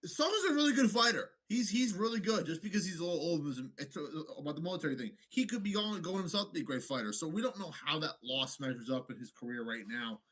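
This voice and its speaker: A man co-hosting a podcast, chatting about fights in an animated, profane way and slipping into mock voices. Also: fairly high pitch, quick pace, hardly any pauses. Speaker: podcast co-host. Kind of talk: casual sports banter.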